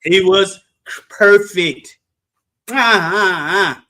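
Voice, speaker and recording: A man leading an animated Bible study, preaching with shouted exclamations and joking asides. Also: sits high, unhurried. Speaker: Bible teacher.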